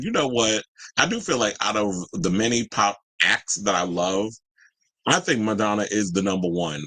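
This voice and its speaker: A man in his forties hosting a casual pop-culture chat, sassy and animated, swinging his pitch up into exclaimed asides. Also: dry recording. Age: 40s. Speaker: podcast host.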